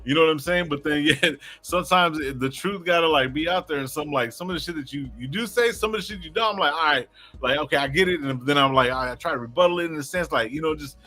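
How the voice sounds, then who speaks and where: A man's voice: a little high, fast, few pauses, bright, forceful tone, soft background music. A man co-hosting a fan podcast, laid-back and agreeable, full of fillers. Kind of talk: casual fan podcast chat.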